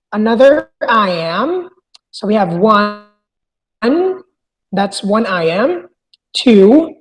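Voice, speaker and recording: Slow-talking woman lecturing in an echoing hall. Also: fairly high pitch. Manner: explanatory, frequent "okay?" checks and "uh" fillers. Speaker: teacher reviewing for an exam. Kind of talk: recorded lecture. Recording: long hall reverb.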